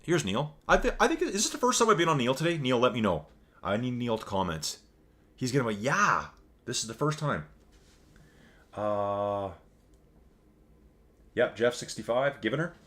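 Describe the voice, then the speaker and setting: A man's voice: mid-range voice, sing-song, moderate pace, long pauses, a bit bright. A Canadian man with a Canadian accent giving casual, rambling live-stream commentary on a virtual bike race and reading viewer chat aloud.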